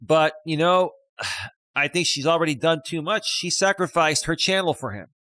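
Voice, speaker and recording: A man's voice: on the high side, normal speed, bright, forceful tone, no echo, low-quality recording. A middle-aged man hosting a live stream as a life coach, chatting casually and reading viewer comments aloud with lots of fillers. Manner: rambling, reads chat comments aloud, frequent fillers.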